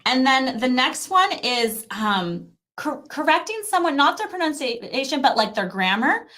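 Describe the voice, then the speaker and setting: A woman with a voice pitched a touch high talks in a casual, animated way. She slips into playful voices when she acts out parents and babies. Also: measured pace. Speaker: language learning guest. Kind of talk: casual conversational advice.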